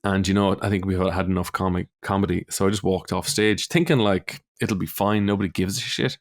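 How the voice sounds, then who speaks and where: Deep-voiced Irish comedian telling stories. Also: male voice, fairly quick. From Ireland. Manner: animated, swearing, acts out voices in anecdotes. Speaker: comedian guest. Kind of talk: casual storytelling chat.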